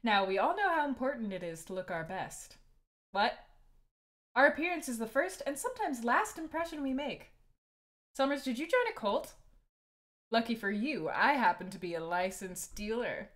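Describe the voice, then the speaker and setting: A woman reading the lines of a deadpan young woman in a video game, slow and flat. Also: on the high side.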